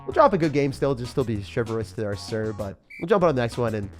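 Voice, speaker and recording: A young man giving excitable, jokey commentary over his own gameplay, swinging from loud hype to low mutters. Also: quick pace, soft background music. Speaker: gaming commentator.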